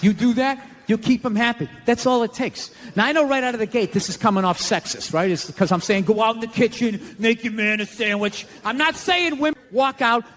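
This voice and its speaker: A man's voice: very high-pitched, fairly quick, few pauses, fairly bright tone. A man with an American accent doing stand-up, ranting bluntly and sarcastically with plenty of swearing. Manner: blunt, profane, sarcastic rants. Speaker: comedian. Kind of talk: stand-up comedy.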